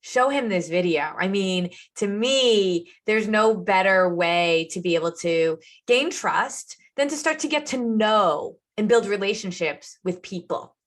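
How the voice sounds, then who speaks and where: A woman's voice: mid-range voice, a little slow, few pauses. A woman hosting a podcast interview, talking in an enthusiastic, encouraging way. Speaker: podcast host and nutrition coach.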